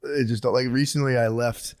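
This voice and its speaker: A man in his thirties co-hosting a comedy podcast, rambling casually and acting out quotes with sudden high-pitched yelps. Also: fairly even intonation, brisk, a little mellow, clear, resonant tone. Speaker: podcast co-host.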